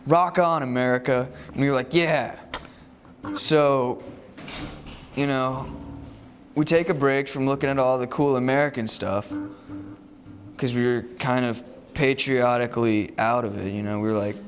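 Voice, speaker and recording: A man's voice: medium pitch, steady tone, moderate pace. A man vlogging, telling a casual story in a rambling way, full of "you know" and "like".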